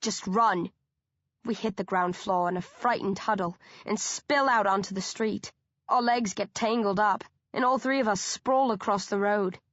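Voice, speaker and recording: A woman narrating a first-person audiobook in a lively way, acting out and shouting the characters' lines. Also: mid-range voice, no room sound, lo-fi sound.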